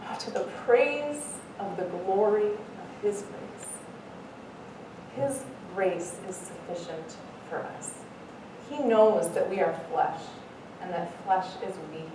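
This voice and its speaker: A middle-aged woman giving an earnest devotional talk as a Bible study speaker, mixing in lively self-mocking stories. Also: medium pitch, slow pace. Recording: echoey room, mic far off, faint noise.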